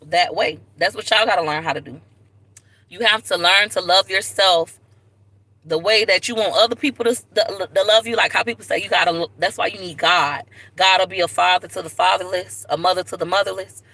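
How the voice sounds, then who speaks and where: A woman's voice: medium pitch, bright, forceful tone, poor audio. A woman, talking frankly in a casual livestream and telling stories with a preachy edge. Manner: frank, preachy storytelling with asides. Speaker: vlogger.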